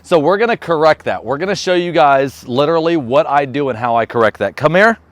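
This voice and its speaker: Chatty male vlogger, upbeat, firm dog commands, fairly high, dry close sound. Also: lively intonation, fairly quick, no room sound. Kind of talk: casual how-to vlog. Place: outdoors training a dog.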